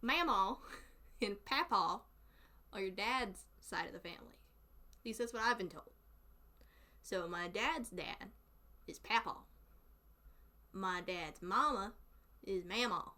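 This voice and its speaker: A woman's voice: mid-range voice, expressive, takes it slowly, long pauses, bright, forceful tone. A chatty woman with a thick Southern US accent, laughing often as she talks casually with her stream followers. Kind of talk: casual chat.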